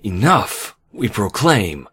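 A man's voice: animated, takes it slowly, husky, heavily acted. A man voicing an imperious alicorn princess of night. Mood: haughty. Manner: commanding royal plural, booming.

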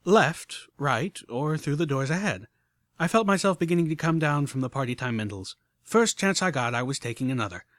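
A man narrating a story in the first person with expressive, animated delivery. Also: fairly high pitch, normal speed, dry recording, clean studio sound. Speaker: audiobook narrator.

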